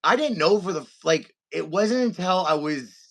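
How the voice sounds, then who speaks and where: A man co-hosting a podcast, telling a family story in animated casual chat and acting out his relatives' voices. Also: high voice, normal speed. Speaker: podcast co-host.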